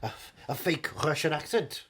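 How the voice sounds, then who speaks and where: A man's voice: fairly high pitch, lively intonation, moderate pace, a bit bright, slight background noise. A man doing a comic impression of a pompous aging movie star who rambles and keeps saying "wonderful". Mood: rambling. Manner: rambling, repeats "wonderful" constantly.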